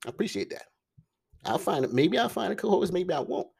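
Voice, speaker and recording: A man hosting his own podcast alone, talking fast and loosely with slang, fillers and restarts. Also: high voice, big pitch swings, gravelly, a little mellow, breathy edge. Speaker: podcast host. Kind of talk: casual solo podcast monologue. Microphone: podcast microphone.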